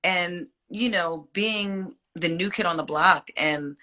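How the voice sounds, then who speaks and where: Bright-voiced woman singer, reflective. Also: fairly low pitch, takes it slowly. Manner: reflective, loose with many fillers. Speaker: singer guest. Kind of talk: casual interview chat.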